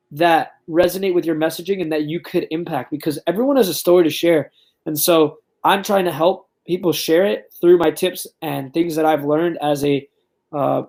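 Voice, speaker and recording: Young male guest, earnest and eager, speech full of fillers, slightly high pitch. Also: a little mellow. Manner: earnest, enthusiastic, uses filler words like "like" and "um". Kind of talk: casual interview chat.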